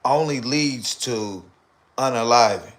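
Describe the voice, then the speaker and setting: A man's voice: medium pitch, slow pace. A man talking casually on a live stream. He comments animatedly and repeats points for emphasis.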